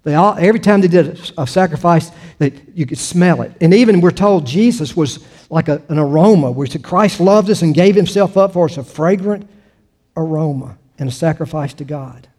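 A man's voice: a little high, a little fast, darkish tone. Conversational older male preacher. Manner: conversational, with repeated restarts and rhetorical questions. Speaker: pastor. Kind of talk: sermon.

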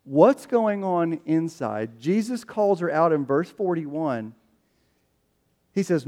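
A man preaching a sermon as a pastor, animated, acting out the voices he quotes. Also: on the high side, slow. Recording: long hall reverb.

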